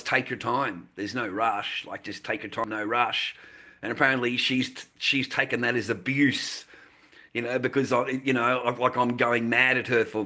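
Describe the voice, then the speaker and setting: Male streamer, bright tense voice, rambling profane rant at his desk mic. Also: medium pitch. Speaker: live streamer. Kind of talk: casual live-stream rant.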